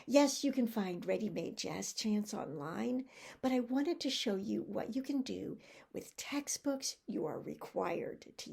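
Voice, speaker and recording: Slow, gravelly American woman teacher. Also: medium pitch, dark tone. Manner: slow, drill-like modelling of sentences for repetition. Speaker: English teacher trainer. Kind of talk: conference teaching presentation.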